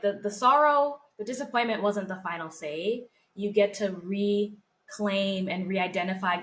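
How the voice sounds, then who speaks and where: A young woman co-hosts a podcast, speaking earnestly and emotionally about faith and her own life in a heartfelt, casual chat. Her voice is medium-pitched and a bit bright.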